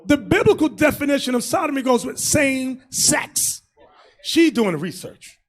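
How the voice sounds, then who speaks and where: High-voiced bishop man, shouting n laughing thru a crude sermon, lots of swings in pitch. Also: expressive, normal speed. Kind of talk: loud crude preaching.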